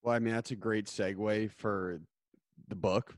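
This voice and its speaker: A man hosts a podcast and asks his questions in a casual, teasing way. His voice is very low. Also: steady tone, a little slow. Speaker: podcast host.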